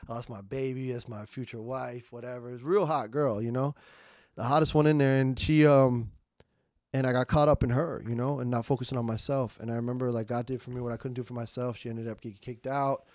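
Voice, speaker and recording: A man's voice: mid-range voice, steady tone, fast talker, darkish tone, no room sound, studio quality. A young adult man telling his recovery story as a podcast guest, emphatic and slangy, repeating words and quoting himself. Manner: swearing street slang. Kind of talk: candid recovery story in conversation.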